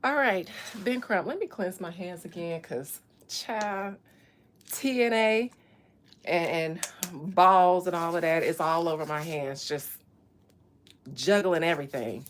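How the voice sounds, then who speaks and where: A woman's voice: lowish voice, takes it slowly, a little hiss or hum. A woman from Florida doing a loose, profane psychic reading in casual livestream chat from a hot room in an old house. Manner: loud, laughing, profane banter. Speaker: psychic reader.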